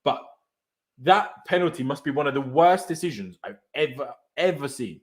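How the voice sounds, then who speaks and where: A man's voice: mid-range voice, animated, moderate pace. A man hosting a football fan show, ranting in exasperation, stumbling over his words and swearing. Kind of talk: angry post-match reaction rant.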